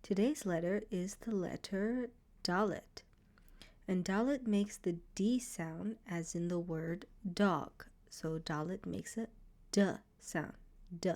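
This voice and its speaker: A woman leads a beginner Hebrew lesson in a patient, encouraging way. Her voice sits a touch low and mellow. She breaks words into single sounds and repeats them slowly. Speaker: Hebrew teacher.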